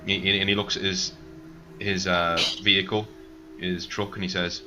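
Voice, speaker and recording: Male game master, rambling halting narration, fairly low and very bright voice; dull call audio, faint music. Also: little pitch movement. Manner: rambling, halting, lots of fillers.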